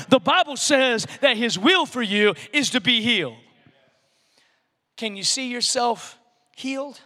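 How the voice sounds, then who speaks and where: A man preaching a sermon, building to shouted questions and dropping into playful, joking asides. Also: very high voice. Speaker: pastor. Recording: reverberant hall.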